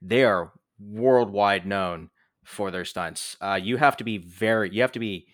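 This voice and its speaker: A man co-hosting a casual movie review chat, animated, swearing freely and filling gaps with "like" and "um". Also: lowish voice, a little slow, no room sound, clean studio sound. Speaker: podcast co-host.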